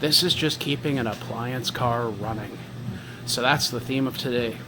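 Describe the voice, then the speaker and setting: Man, middle-aged, garage vlog host, chatty, self-deprecating, animated, music playing in the background. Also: medium pitch, moderate pace. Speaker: garage tuning channel host. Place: home garage.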